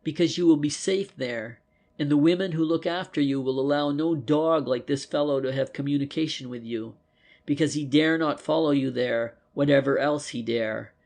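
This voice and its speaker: A man voicing a determined young plainclothes policeman in a detective audiobook, speaking earnestly and forcefully. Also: on the high side, moderate pace, gravelly. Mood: intense.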